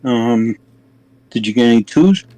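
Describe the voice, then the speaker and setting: A man's voice: mid-range voice, animated, unhurried, mellow, rough recording. A man at a tabletop wargame, making brief remarks on the dice rolls. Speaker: player. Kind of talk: casual tabletop game chat.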